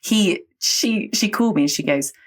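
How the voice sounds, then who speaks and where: A woman's voice: mid-range voice, normal speed. A woman from the south of England with an English accent, a broadcaster chatting as a podcast guest and laughing through her stories. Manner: animated, laughing, does lively voices in anecdotes. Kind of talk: casual podcast chat.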